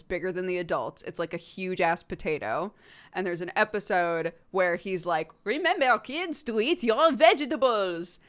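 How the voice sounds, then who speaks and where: A woman hosting a livestream, chatting casually in an animated way, laughing often and swearing now and then. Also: on the low side, clear, resonant tone. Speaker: livestream host. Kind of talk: casual stream chat.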